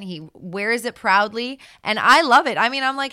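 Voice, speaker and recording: Chatty woman, bright high voice. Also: moderate pace, clear, resonant tone. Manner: chatty, energetic, lots of fillers and restarts. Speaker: sports podcast co-host. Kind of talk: casual sports chat.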